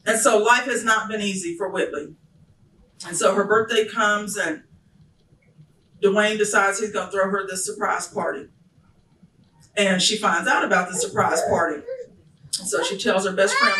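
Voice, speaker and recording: A woman minister preaching a sermon, telling a story casually and then rising to fervent, shouted preaching. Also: medium pitch, normal speed, pauses often, background noise. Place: church sanctuary. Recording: echoey church from a distant mic.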